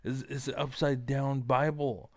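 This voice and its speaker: A man's voice: medium pitch, flat delivery, a little slow, no echo. A man delivering a profane, rambling, combative rant to the camera as an online commentator. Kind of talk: ranting monologue to camera.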